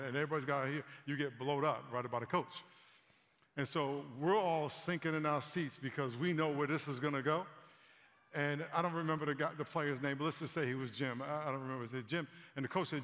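A man in his fifties delivers a sermon in a conversational, storytelling way, often doubling back and repeating words. His voice sits fairly high for a man. The sound carries a long hall reverb from a large church room. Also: quick pace. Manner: animated storytelling, repeats words, addresses the congregation. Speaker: preacher.

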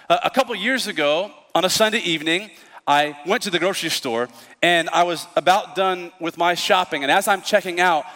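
A male pastor preaching a sermon, telling stories in an animated way and acting out the voices of the people in them. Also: sits high, long reverb tail. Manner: storytelling, animated, acts out voices. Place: church.

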